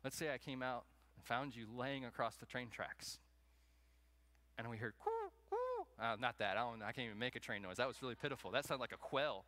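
A man preaching a sermon to a congregation, animated, acting out little scenes in raised voices. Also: mid-range voice, a little fast. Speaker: pastor.

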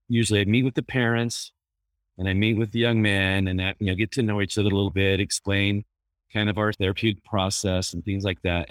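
A therapist chats casually, a man with a somewhat low voice who drifts through anecdotes with easy fillers. The sound is dry and close, with no room around it. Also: clean tone, no room sound. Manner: easygoing, anecdotal, many fillers. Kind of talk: casual storytelling.

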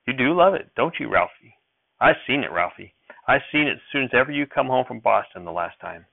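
A man reading the lines of a gentle, grieving old farmer grandfather, soft and quavery with folksy country speech, on a dry, tinny recording. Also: medium pitch, lively intonation, a little fast, gravelly, no echo. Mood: tender. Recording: dry tinny phone-like sound.

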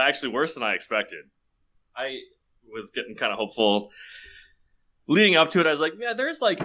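Wry, self-deprecating male co-host with a lowish, bright voice. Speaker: podcast co-host. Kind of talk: casual podcast chat.

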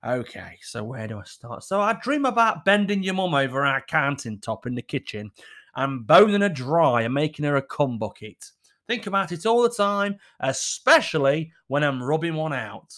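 A man's voice: a little high, very animated, normal speed, a bit bright. Man playing a crude smug husband. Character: crude middle-aged husband, blunt and smug.

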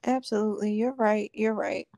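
A woman's voice: mid-range voice, steady tone, normal speed, creaky, mellow, dry recording. A woman hosting a podcast conversation, talking earnestly and repeating her key points for emphasis. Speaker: podcast host.

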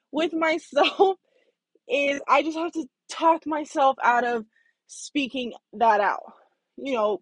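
High-voiced woman telling a story. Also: dry recording. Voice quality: expressive, swings between hushed and loud. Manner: candid, swears for emphasis. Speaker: vlogger. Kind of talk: casual storytelling monologue.

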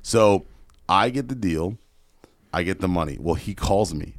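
A man telling a story in a casual podcast chat, animated and swearing freely. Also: sits low, no echo, studio quality. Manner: fast, profane, animated storyteller. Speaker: podcast guest, real estate investor.

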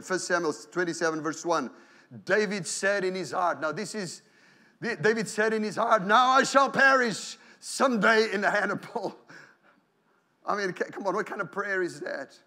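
A male pastor delivers an animated church sermon, acting out quoted prayers and inner voices while frequently repeating and restarting phrases. His pitch is fairly high and his pace a little fast.

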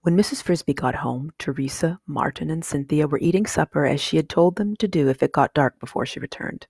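A woman reading a storybook chapter aloud in a steady, measured way. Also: deep voice, creaky, slightly rough, no room sound, studio quality. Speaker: audiobook reader. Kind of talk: storybook narration.

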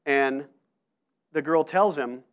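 A man preaching a sermon to his church, telling stories in an animated way with frequent restarts. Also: on the high side, takes it slowly. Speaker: pastor.

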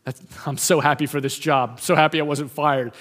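A humble, earnest warehouse worker and new convert, as a preacher acts him out, speaking softly and apologetically. His voice sits lower than the preacher's own. It rings through a hall with a long reverb. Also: steady tone, a little fast, lightly acted.

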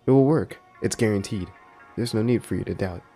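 A man voicing a high-pitched, cartoon-like salesman on the phone, eager and pushy. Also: fairly quick, creaky, warm tone, soft background music. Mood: chirpy eager. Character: chirpy cartoonish man selling child friends.

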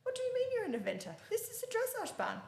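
A woman's voice: extremely high pitch, huge pitch swings, fast talker, gravelly, echoey room, a little hiss or hum, voice pushed up, heavily acted. A woman putting on the voice of an exasperated male dressage trainer, incredulous and scolding.

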